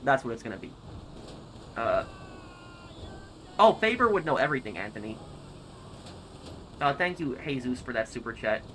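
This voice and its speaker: A man's voice: mid-range voice, sing-song, normal speed, long pauses, fairly bright tone, a little hiss or hum. A young American man streaming a game live, reading chat and thinking aloud with hesitant, repeated starts. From United States.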